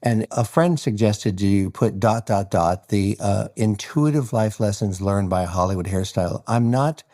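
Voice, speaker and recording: A man's voice: on the low side, normal speed, hardly any pauses. A man, a hairstylist guest on an interview podcast, telling stories and acting out the voices of the people in them. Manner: animated storyteller acting out quoted voices. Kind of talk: storytelling interview.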